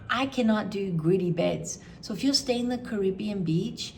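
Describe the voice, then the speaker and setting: A woman's voice: mid-range voice, moderate pace, a little mellow, slight background noise. A middle-aged woman chatting casually and frankly, rambling with many fillers. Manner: frank, opinionated. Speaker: vlogger. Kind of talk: casual review chat.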